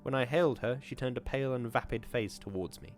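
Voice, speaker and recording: A man and podcast host reading a classic horror short story aloud in a measured, formal narrating voice. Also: medium pitch, soft background music.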